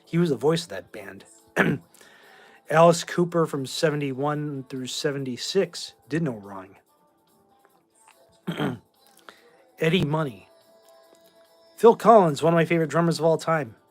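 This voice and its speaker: His voice is a little high with lively intonation, a little slow, and marked by long pauses, with faint music behind it. This Massachusetts man in his forties, running low on sleep, hosts a casual livestream and responds to chat in a blunt, rambling style.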